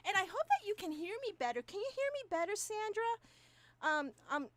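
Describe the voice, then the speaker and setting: A woman hosting a papercraft channel, chatting casually with viewers, animated and gushing, and laughing often. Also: extremely high pitch, fairly quick, no echo. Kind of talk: casual chat to live viewers. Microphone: new microphone, moved closer.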